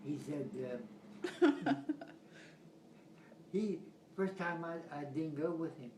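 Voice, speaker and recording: A man's voice: fairly high pitch, takes it slowly, a little mellow. Chuckling old man telling stories. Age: older. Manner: chuckling often, rambling, folksy. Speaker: grandfather telling family stories. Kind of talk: casual storytelling. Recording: roomy home recording with background noise.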